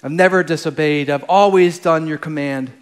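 A man preaching a sermon in an earnest, halting way, with frequent restarts and phrases that trail off quietly. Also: a little high, clean tone. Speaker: pastor.

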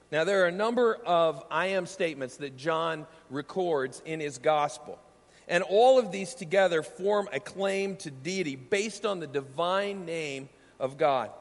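A man delivers a sermon in a notably high voice, teaching earnestly and slowing on the lines he wants to land. His words ring out with a long reverb tail, as if spoken in a large hall. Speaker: pastor.

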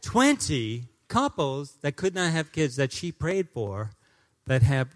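A man in his fifties preaching a sermon in a church as a guest pastor, joking and swinging between loud declarations and hushed asides. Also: a little high, sing-song, slow. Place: church sanctuary.

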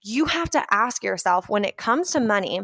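A woman hosting a casual motivational talk, chatty and animated, often acting out little scenes and dotting her speech with filler words. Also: mid-range voice, normal speed, no room sound, studio quality. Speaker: podcast host.

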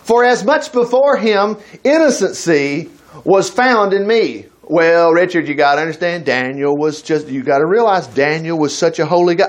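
An older man leads a casual Bible teaching, reading verses aloud and stopping to comment. His voice sits high and swings widely in pitch. He talks in a relaxed, chatty way and then rises into emphatic bursts. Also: moderate pace. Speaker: preacher.

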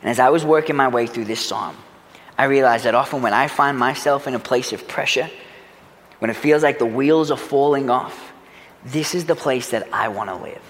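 A man preaching a sermon as a pastor, earnest, swinging from loud urgency to hushed reflection. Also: medium pitch, moderate pace, long reverb tail. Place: church sanctuary.

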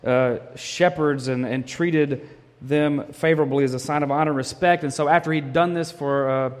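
A man preaching a sermon, animated and storytelling, acting out the quotes of the people in the story. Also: fairly high pitch, normal speed, in a large hall. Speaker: pastor.

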